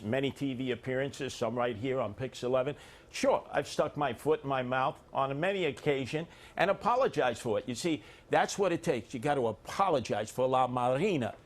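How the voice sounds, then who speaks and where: A middle-aged man answering as a candidate in a televised debate, blunt and plain-spoken, turning combative at his rival. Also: mid-range voice.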